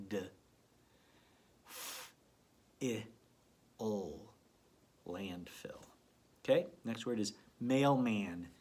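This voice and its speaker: A male teacher giving an early reading phonics lesson to children, sounding out letters slowly and deliberately in a gentle, encouraging way. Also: on the low side.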